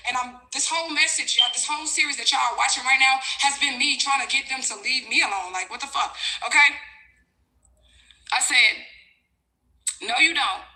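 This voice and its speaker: A woman's voice: high-pitched, moderate pace, reverberant, rough recording. Fired-up woman ranting to her viewers. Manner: animated, profane, talks straight to viewers. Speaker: vlogger. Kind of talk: ranting storytime, reading out messages.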